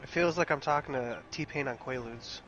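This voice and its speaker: A man's voice: mid-range voice, moderate pace, fairly bright tone, dull audio, soft background music. A man in casual voice chat with gaming friends, teasing and joking. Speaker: gamer chatting with friends.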